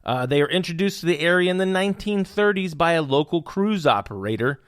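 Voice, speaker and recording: A man's voice: on the high side, lively intonation, fairly quick, clean tone, no room sound, clean studio sound. A young man hosting a podcast, riffing on news with puns and hyped, jokey asides. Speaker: podcast host. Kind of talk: comedic news commentary.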